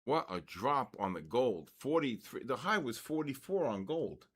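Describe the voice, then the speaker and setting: An older man hosting a live trading stream, excitedly calling out price moves and giving quick trade advice. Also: medium pitch. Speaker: trading livestream host. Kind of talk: live market commentary.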